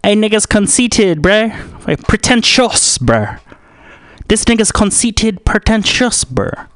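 A man's voice: sits high, big pitch swings, slow, a bit bright, no echo, pitched above the performer's own voice, heavily acted. A man voicing a brash, taunting young man who heckles in a repetitive, sing-song way. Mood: mocking.

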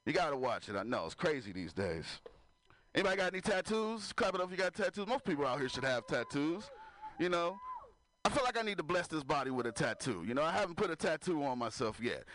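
Man, stand-up comedian, bright voice, lively swooping delivery, chuckles at his own punchlines. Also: on the high side, quick pace, slight background noise. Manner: loose, crowd-working, laughs at own jokes.

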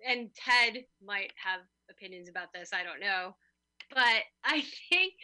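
A woman's voice: fairly high pitch, pushed and bright. A woman hosting an online show, chatty, laughing often and filling her talk with "like". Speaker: host. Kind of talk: casual chat.

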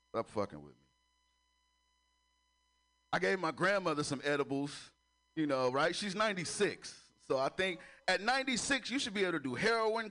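A man doing a crude stand-up routine on a comedy club stage, laughing at his own jokes as he tells stories. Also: sits high. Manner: crude, laughing, animated storytelling.

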